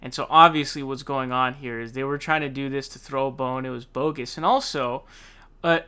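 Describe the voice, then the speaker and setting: A man's voice: mid-range voice, steady tone, a little fast, bright, forceful tone, clear, resonant tone. A man hosting a political commentary show, ranting casually in a heated, profane, slangy way.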